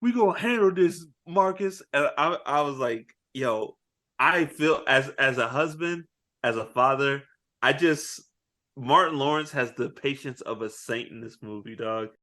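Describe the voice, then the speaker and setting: A man's voice: mid-range voice, unhurried, pushed and bright. A young man co-hosting a casual movie-review podcast, acting out characters' lines and laughing often. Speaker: podcast co-host.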